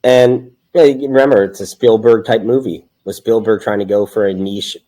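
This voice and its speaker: A man's voice: lowish voice, steady tone, moderate pace, dark tone. A young man co-hosting a casual film podcast, rambling and upbeat, often laughing. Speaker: podcast co-host. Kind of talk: casual film-review chat.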